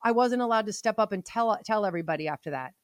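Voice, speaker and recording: A middle-aged woman chatting as a podcast guest, telling stories in an animated way and acting out what others said. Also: mid-range voice, fast talker, dry recording, studio quality. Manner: chatty storyteller, animated quoting. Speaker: podcast guest, mother of the groom. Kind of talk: casual chat.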